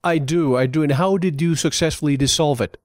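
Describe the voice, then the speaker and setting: A man's voice: fairly high pitch, dry recording. Agreeable male interviewer, dry sound. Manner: agreeing, halting restarts when summing up. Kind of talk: interview conversation.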